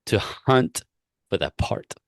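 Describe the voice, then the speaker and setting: A man, a relationship coach, talking in a casual interview with emphatic, repetitive points and animated stories. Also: takes it slowly, no room sound, clean studio sound.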